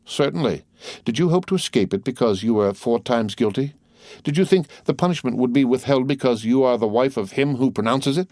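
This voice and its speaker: A man voicing a stern male magistrate who calmly and contemptuously accuses his wife in an audiobook. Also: mid-range voice, a little fast, no echo, studio quality, voice pushed up, lightly acted. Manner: calm, contemptuous interrogation. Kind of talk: audiobook character voice.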